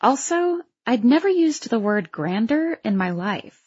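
A woman's voice: on the high side, very animated, a little slow, darkish tone, breathy edge, muffled recording. A woman narrating a first-person story aloud, in a wry, self-conscious voice. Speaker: audiobook narrator.

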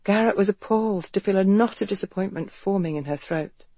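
An audiobook narrator giving an expressive, measured reading of a romance novel. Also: medium pitch, no echo. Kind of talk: scripted narration.

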